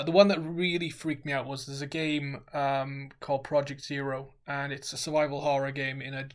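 A man co-hosting a casual podcast, telling animated stories and acting out sounds. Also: fairly high pitch. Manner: animated storyteller, acts out sounds. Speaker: podcast co-host. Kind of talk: casual chat.

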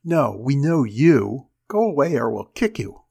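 A man reading a story aloud, voicing a loud, strong-willed seven-year-old girl with a high, eager, commanding tone. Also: big pitch swings, measured pace, vocal fry, husky, heavily acted. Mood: bossy.

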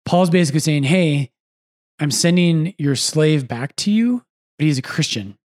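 American priest chatting on a podcast, kinda high voice, jumps around mid-sentence. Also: male voice. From United States. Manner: animated, quick asides, self-correcting. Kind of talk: casual podcast chat.

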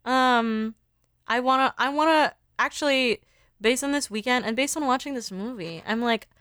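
A woman's voice: fairly high pitch, moderate pace, a bit bright, clear, resonant tone, no room sound, studio quality. A young woman co-hosting a podcast, recapping a movie in a rambling casual way, saying "like" constantly and laughing often. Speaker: podcast co-host.

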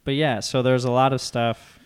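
A young man chatting casually, retelling a story with animated, loud acted-out quotes. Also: mid-range voice, normal speed, clear, resonant tone. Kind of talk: casual chat.

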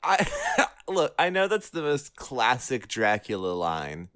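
A man's voice: medium pitch, big pitch swings, a little slow, bright, forceful tone, clear, resonant tone, no room sound, studio quality. A man co-hosting a casual chat, rambling and cutting himself off as he laughs. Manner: rambling, self-interrupting, laughing. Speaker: podcast co-host.

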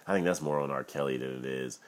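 A young man rambling casually on his own, loose and profane, muttering asides between louder bursts and breaking into laughter. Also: rumbling low, fast talker. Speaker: solo commentator.

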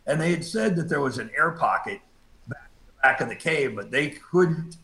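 A man's voice: on the high side, expressive, moderate pace, a bit bright, reverberant, a little hiss or hum, low-quality recording. A middle-aged man, a cave rescue diver, telling a story in a laid-back way and acting out the quotes. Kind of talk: storytelling in a casual interview.

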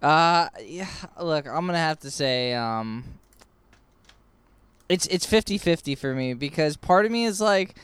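A man's voice: a little high, lively intonation, measured pace, a bit bright, clean tone, no room sound. A man co-hosting a casual podcast, rambling with many restarts and swearing. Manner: rambling, hesitant, profane. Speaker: podcast co-host. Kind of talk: casual chat.

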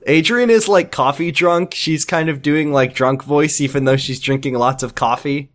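A man's voice: fairly high pitch, moderate pace, a bit bright. A man co-hosting a podcast, recapping a show in casual chat with sarcastic jokes and frequent laughs. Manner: joking, sarcastic, laughs often. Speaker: podcast co-host.

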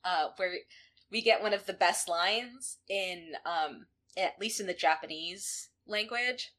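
A woman co-hosting a podcast, recapping episodes in casual chat, animated and quick to laugh. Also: lowish voice. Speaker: podcast co-host.

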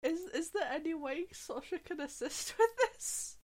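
A woman's voice: high-pitched, expressive, unhurried. A woman playing a tabletop game, chatting with giggles and hesitant restarts. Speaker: player.

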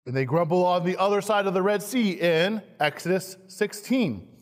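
A man, a pastor, preaching a sermon slowly and emphatically, acting out quoted lines with dramatic stress. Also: high voice, animated. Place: church sanctuary. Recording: long hall reverb, church sanctuary.

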